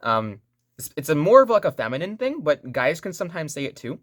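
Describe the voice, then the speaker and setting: A woman's voice: sits low, big pitch swings, a little fast, no echo, studio quality. A woman teaching a language lesson online in a playful, joking way, repeating sounds for learners to say back.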